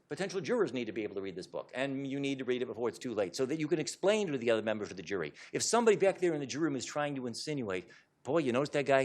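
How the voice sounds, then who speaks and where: A man delivers a public talk to an audience, speaking fast and with plenty of emphasis. His voice sits at an ordinary middle pitch. He lectures with animated conviction. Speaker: author giving a talk.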